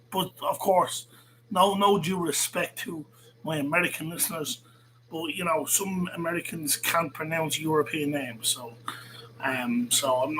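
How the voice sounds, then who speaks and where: A man hosting his own channel, reacting with laughter and free swearing in a mocking, casual commentary. His voice is bright and slightly high, with faint noise in the background. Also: rough recording. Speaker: YouTube channel host.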